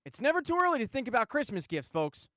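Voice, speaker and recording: A man hosting his channel, telling a TV episode recap as scripted narration in a brisk storytelling way. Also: very high-pitched, very animated, bright, forceful tone, no room sound, studio quality. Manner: brisk storytelling, reading quoted dialogue in his own voice. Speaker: channel host.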